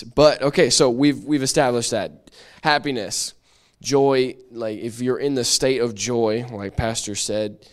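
Low-voiced man teaching Bible study. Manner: chatty and self-deprecating, with frequent restarts. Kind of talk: casual church teaching.

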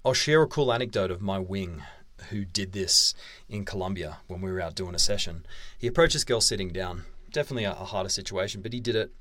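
A man's voice: low-pitched, quick pace, fairly bright tone, no echo. A man hosting a podcast, giving blunt, emphatic dating-coaching advice with frequent swearing. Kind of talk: casual coaching monologue.

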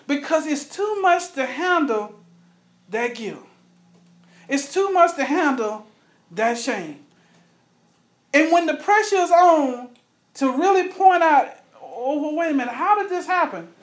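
A man's voice: very high voice, sing-song, unhurried, echoey room. A man leading a Bible study in an earnest, conversational way, often asking the group questions.

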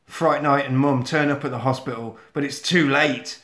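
Man, bright-voiced, animated casual storyteller, echoey room. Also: mid-range voice, moderate pace. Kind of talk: casual film recap.

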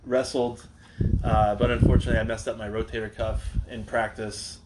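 A man's voice: on the low side, flat delivery, brisk, heavy background noise. A man in his thirties, originally from North Carolina, telling rambling, joking stories as a guest on a casual podcast. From Charlotte, North Carolina. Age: 30s. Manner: joking, rambling storyteller with frequent fillers. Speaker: wrestler guest.

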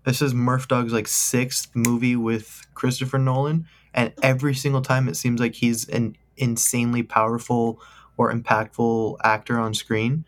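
A man's voice: medium pitch, little pitch movement, normal speed. A young man co-hosting a podcast, talking casually in a joking, rambling, enthusiastic way. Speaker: podcast co-host. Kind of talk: casual chat.

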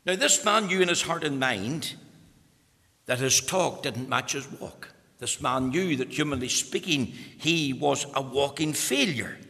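A man's voice: mid-range voice, expressive, unhurried, pushed and bright. Emphatic male preacher in a reverberant hall. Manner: emphatic, explanatory preaching to young listeners. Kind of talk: sermon.

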